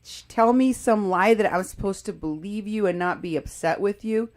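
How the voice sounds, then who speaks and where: A woman's voice: medium pitch, normal speed. A woman hosting a live political commentary show, talking emphatically and indignantly, often restarting her sentences. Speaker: show host.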